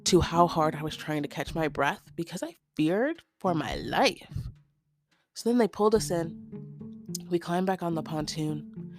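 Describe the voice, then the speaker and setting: A young woman hosting a podcast, telling a comic story in an animated, exasperated way with big jumps in pitch. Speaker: podcast host. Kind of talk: comedic storytelling monologue.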